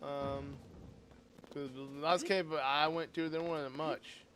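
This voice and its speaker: A man streaming a game live, chatting casually with his viewers in an excitable, talkative way and laughing often. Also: fairly high pitch, slow, slight background noise.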